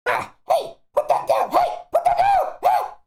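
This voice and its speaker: A man voicing excitable little male goblin cooks who bicker in squeaky, yelping voices. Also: a little slow, exaggerated voice. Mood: squabbling.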